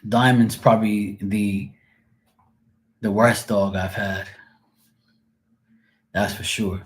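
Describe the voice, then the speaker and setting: A middle-aged man hosts a live stream in a lowish, fairly even voice, speaking slowly with frequent pauses. He chats casually and rambles through stories, acting out the people in them with voiced quotes.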